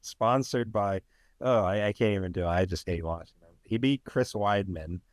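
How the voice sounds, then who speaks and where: Low-voiced male podcast host, casual and sarcastic, rambling delivery, dry close sound. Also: normal speed, no room sound. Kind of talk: casual sports chat.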